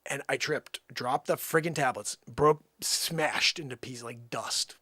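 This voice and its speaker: A man hosting a livestream, telling a rambling comic story and swinging from low mutters to loud outbursts. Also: measured pace, slightly rough, dry recording, studio quality. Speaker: livestream host.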